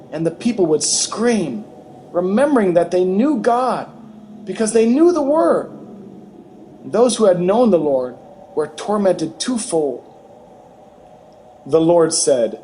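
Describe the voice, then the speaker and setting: A man with a high voice reads a testimony very slowly. His delivery is measured and earnest, with faint noise behind him. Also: very animated, dark tone, low-quality recording. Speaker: narrator of a testimony. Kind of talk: slow testimony reading.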